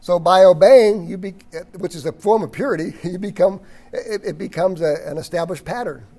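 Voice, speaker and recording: A man teaching a Bible study lecture, reading passages aloud, stressing key words and often clearing his throat. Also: sits high, fairly quick, warm tone. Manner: emphatic on key words, occasional chuckle.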